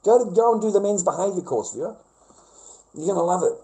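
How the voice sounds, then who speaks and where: A man's voice: sits high, animated, fast talker, mellow, poor audio. An Australian man in a casual, profane rant to a live audience, rambling and repeating himself.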